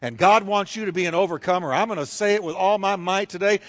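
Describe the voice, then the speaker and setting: A man's voice: high-pitched, fast talker. A man preaching a fervent sermon, driving his points home with repeated rhetorical questions.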